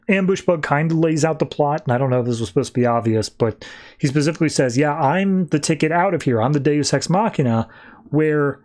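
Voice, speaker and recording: Animated man recapping comics, fairly high voice. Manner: animated retelling that slips into quick character quotes; wry, amused asides. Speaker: podcast host. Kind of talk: casual comic book recap.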